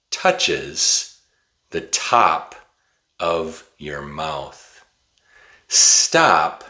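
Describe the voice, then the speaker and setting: A man from Wisconsin teaching English pronunciation, slow and deliberate with exaggerated enunciation. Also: sits low, pushed and bright. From Wisconsin, USA. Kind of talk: pronunciation lesson.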